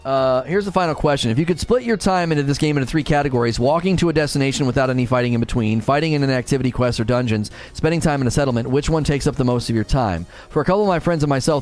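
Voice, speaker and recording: A man's voice: very fast, few pauses, soft background music. A man chatting casually on a live stream while playing a game, reading viewer messages aloud and answering them. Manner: chatty, reads chat aloud, animated swings in pitch.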